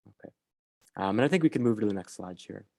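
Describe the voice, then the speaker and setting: A man facilitating an online bias training, speaking in a measured way with frequent pauses. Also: lowish voice, animated, creaky, dark tone. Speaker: workshop facilitator.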